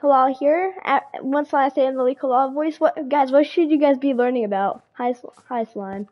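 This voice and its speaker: A woman's voice: high-pitched, normal speed, dull audio. A woman streaming a game live, chatting casually with her viewers and repeating phrases, with a slight cold. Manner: chatty, repeats herself, greets chat.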